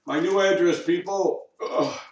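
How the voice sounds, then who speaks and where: A man's voice: medium pitch, very animated, slow, far from the mic, lo-fi sound. A man rambling and swearing to himself at home, grumbling and talking to his dog. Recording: echoey room, off-mic, faint noise.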